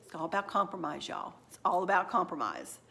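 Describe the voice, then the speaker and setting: With a lowish, creaky, bright, and forceful voice that swings widely in pitch, a middle-aged woman talks a little fast about her home decor finds. Her shopping-haul chat is rambling, folksy, and self-deprecating, aimed right at viewers, and the room echoes.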